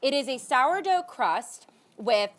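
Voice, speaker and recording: A woman hosting a live comedy show on stage, excited and gushing, swearing freely and laughing often. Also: high voice, slow pace. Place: theater stage before a live audience. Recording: live theater with crowd and noise. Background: audience reactions.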